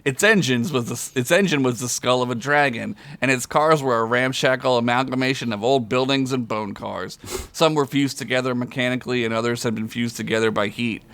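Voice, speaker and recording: Male storyteller, average pitch, dry close sound, reads comic fantasy and laughs along. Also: brisk, no room sound. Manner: reads aloud with frequent chuckles, loud high character voices. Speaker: podcast storyteller. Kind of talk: comedic fantasy story reading.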